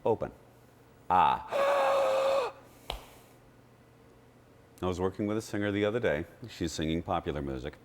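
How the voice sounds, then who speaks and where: Very deep-voiced male voice teacher. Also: rapid-fire, hardly any pauses, very noisy. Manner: explanatory, demonstrating vowels. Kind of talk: TV interview, explaining with sung demos.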